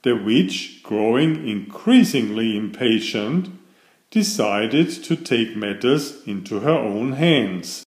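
A man reading a fairytale aloud in slow, expressive, scripted storybook narration. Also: medium pitch. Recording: echoey room.

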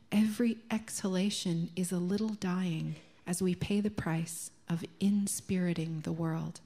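Slow, soft-spoken Canadian woman preaching. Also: fairly low pitch. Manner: slow, gentle and reflective, dropping to a soft near-whisper on key words. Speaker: minister. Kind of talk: sermon. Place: church sanctuary.

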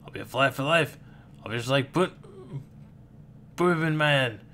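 A man's voice: mid-range voice, moderate pace, bright, forceful tone, a little hiss or hum. Man doing a frantic fly-man inventor. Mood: panicked.

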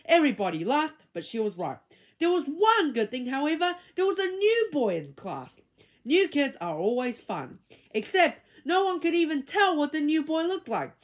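A woman reads a children's book aloud with dramatic, expressive storytelling. Her voice is high and swings widely in pitch, rising and falling to build each moment. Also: moderate pace. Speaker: reader.

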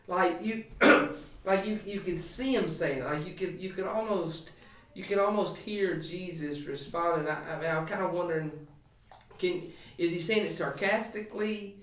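Pastor, male, slightly high voice, emphatic podcast preacher, echoey distant room sound. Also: moderate pace. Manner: animated, emphatic preaching with many restarts. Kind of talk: podcast sermon talk.

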